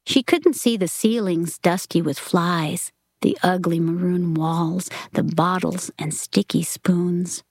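A woman reading a story aloud in a soft, often half-whispered delivery. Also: fairly low pitch, slow pace, no room sound. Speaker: reader.

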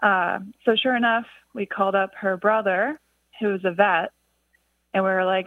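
A woman's voice: mid-range voice, fairly even intonation, normal speed, no room sound. A woman calling in to a radio show, telling a story in a chatty way with lots of filler words. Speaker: caller. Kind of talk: casual phone call. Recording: tinny phone line.

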